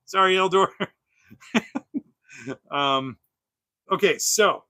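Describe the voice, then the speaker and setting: Here a toy-collecting streamer chats casually as he opens items, full of fillers, restarts, rambling and frequent laughter. His voice sits a little high with a sharp tone. No echo is present.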